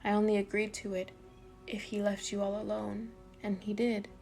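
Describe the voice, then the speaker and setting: A woman's voice: mid-range voice, completely flat delivery, normal speed, creaky, darkish tone, soft background music, close to an everyday voice. A woman voicing a brash teenage boy in a storybook reading, crude and joking but guarded about a secret. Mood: somber.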